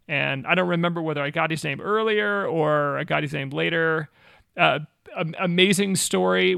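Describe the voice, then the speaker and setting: A man in his forties, a former missionary, telling a personal story in a casual, animated way with self-mocking asides. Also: on the high side, gravelly, no echo, clean studio sound.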